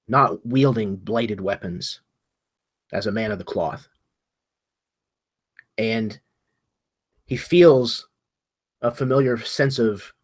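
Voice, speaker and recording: A man playing a tabletop game, narrating his character's actions in a halting way, often repeating words as he searches for them. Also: lowish voice. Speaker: player.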